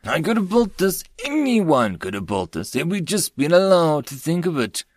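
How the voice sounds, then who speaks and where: A man's voice: on the high side, huge pitch swings, normal speed, dry recording, studio quality, pitched above the performer's own voice. A man voicing a frustrated female alien medical officer, talking in an indignant, exasperated way.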